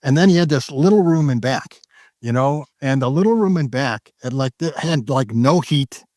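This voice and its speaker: A man's voice: medium pitch, animated, normal speed, a little mellow, no echo. Here is an older man, a trader on an interview show, telling a story in a loose, rambling voice. He keeps stopping and restarting his sentences. The recording is dry and close, with almost no room sound. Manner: rambling, with many restarts and fillers. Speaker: guest trader. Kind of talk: casual storytelling.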